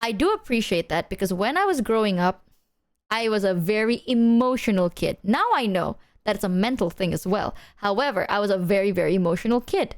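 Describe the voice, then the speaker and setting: A young woman streamer chatting casually, telling an animated story and acting out the quotes. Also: medium pitch, a little fast. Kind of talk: casual chat.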